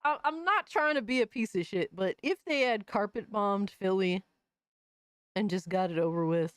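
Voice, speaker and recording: A woman's voice: mid-range voice, lively intonation, moderate pace, clear, resonant tone, no room sound, clean studio sound. A woman hosting a casual livestream, chatting in loose, profane slang and often breaking into laughter. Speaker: livestream host.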